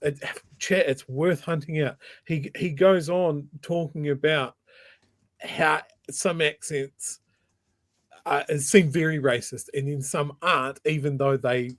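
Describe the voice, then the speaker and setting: A man's voice: a little high, steady tone, measured pace, fairly bright tone, no room sound. A male co-host, telling a story in a casual chat with many restarts.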